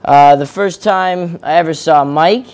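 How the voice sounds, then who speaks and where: A man's voice: fairly high pitch, unhurried, a little mellow. A man giving a memorial eulogy from notes, casual, with many "uh"s. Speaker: eulogy speaker.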